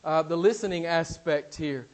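A male pastor preaching a sermon from the pulpit, repeating key phrases and swinging between loud emphasis and near-whispers. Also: fairly high pitch, normal speed, poor audio. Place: church pulpit.

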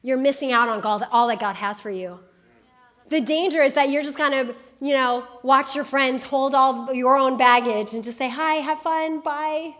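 A woman in her thirties preaching a sermon, telling a personal story with lively, animated quoted voices. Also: high-pitched, normal speed. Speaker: pastor.

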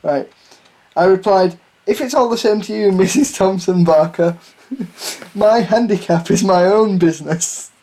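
A man's voice: high-pitched, unhurried, dark tone. Guy reading out a silly story, keeps cracking up. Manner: giggly, keeps breaking into laughter. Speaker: podcast co-host reading a listener's story. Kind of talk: comedic reading aloud.

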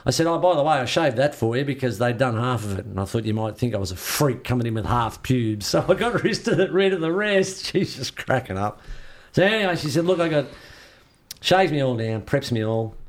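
Man, gravelly voice, casual storytelling, acts out the other people's lines. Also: medium pitch, brisk. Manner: lively, acts out what others said. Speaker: interview guest.

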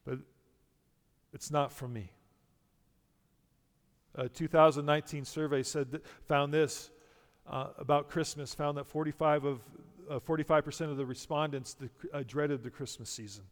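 Male pastor, emphatic sermon, rhetorical questions, slightly high voice, echoing church hall. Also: fairly even intonation, moderate pace.

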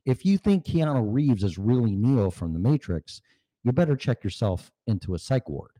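Talking through a home studio mic and a small mixer, this male podcast host has a medium-pitched, dark voice with big pitch swings. He speaks at a moderate pace in casual chat, laughing often and cursing bluntly.

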